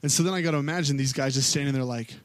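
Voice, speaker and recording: A worship pastor preaching a sermon, a man telling the story in a relaxed, conversational way with plenty of filler words. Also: medium pitch, racing, no room sound. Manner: casual and storytelling, with many fillers, acting out quotes.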